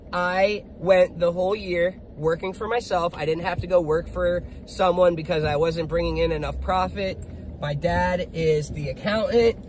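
A man's voice: high-pitched, a little hiss or hum, low-quality recording. A man who is a generator technician and small business owner, talking in a blunt, profane, upbeat vlog between jobs. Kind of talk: casual motivational vlog.

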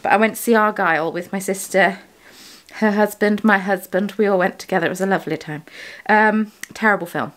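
A woman's voice: medium pitch, fairly quick, fairly bright tone. A British woman, the host of a crafting vlog, chatting casually from her home studio, rambling and correcting herself as she goes. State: has the hiccups. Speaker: yarn dyer and vlogger.

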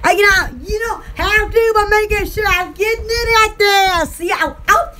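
A woman from Alabama with a Southern accent, rambling excitedly in a casual vlog for her online shop. She giggles often and fills her talk with "oh" and "um". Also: very high-pitched, normal speed, slight background noise. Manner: giggly, excitable, lots of "oh" and fillers.

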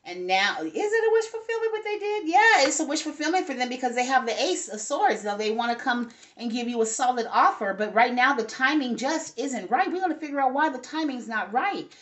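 A woman's voice: a little high, animated, fairly quick, few pauses, a bit bright. A woman giving a casual tarot reading to her viewers, chatty and asking "okay?" over and over. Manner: chatty, talks to spirits and viewers, frequent "okay?". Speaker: tarot reader.

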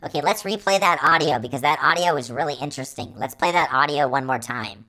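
A woman giving live gameplay commentary as a video host. She repeats words rapidly when she panics and plays a robot persona. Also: deep voice, bright, forceful tone, rough recording. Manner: playful robot persona, calls herself an artificial intelligence.

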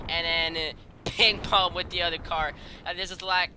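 A gameplay commentator, giggly and excitable, breaking into high yelps. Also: a little slow, heavy background noise.

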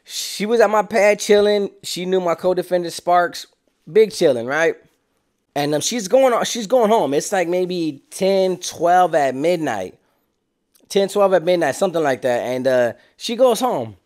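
A young man casually telling a street story, slangy and animated. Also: moderate pace. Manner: slangy, animated, acts out quotes in lower voice.

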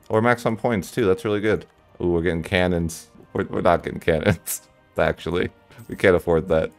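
A man giving casual, thinking-aloud commentary while playing a strategy game, with sudden exasperated outbursts. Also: sits low.

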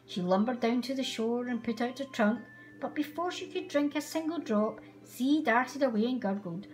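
A woman reading a children's picture book aloud with an expressive, animated delivery. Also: fairly high pitch, normal speed, faint music behind. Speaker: storyteller. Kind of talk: children's story read aloud.

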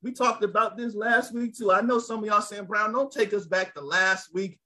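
High-voiced, bright preaching man. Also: normal speed, poor audio. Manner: lively preaching, calls out to listeners. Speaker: pastor. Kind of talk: sermon.

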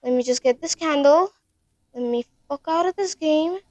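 High-voiced woman, panicky swearing gamer. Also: moderate pace, very noisy. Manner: panicky, swears a lot, talks to viewers. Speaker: gaming channel host. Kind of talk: horror game playthrough commentary.

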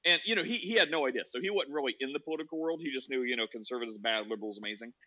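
This man's medium-pitched voice is expressive, bright, and forceful, firing off words rapidly. He's casually spinning a long, rambling podcast anecdote loaded with "like" fillers, heard through dull lo-fi audio.

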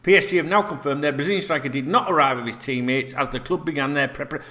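A man's voice: on the high side, fast talker, pushed and bright. A man hosting a football news channel, reading out stories and ranting with sarcastic, sweary asides. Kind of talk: casual ranting news read-through.

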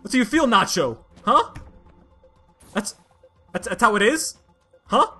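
A woman giving casual commentary over a platformer, talking to herself in frustration and bursting into loud complaints. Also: a little high, lively intonation, measured pace, long pauses, slightly rough, faint music behind. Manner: exasperated, frustrated self-talk that bursts into loud outbursts. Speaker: let's play gamer.

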